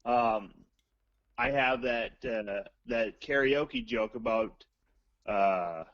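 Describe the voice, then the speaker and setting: A man's voice: medium pitch, very slow, no echo. Man on a phone call, dull lo-fi sound, dry, rambling crude jokes. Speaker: caller guest. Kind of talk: casual phone chat. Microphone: phone line.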